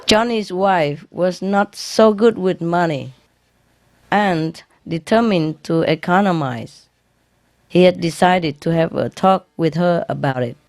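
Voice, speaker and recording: A woman with a lowish, slightly mellow voice speaks slowly, with no room sound. She's a spiritual teacher telling jokes to an audience in simple English, laughing at her own punchlines and then explaining them.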